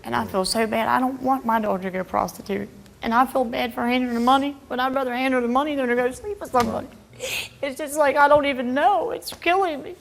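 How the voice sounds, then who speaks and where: Middle-aged mother, talk show guest, pleading and emotional, on the higher side, soft and hushed at times. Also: gravelly.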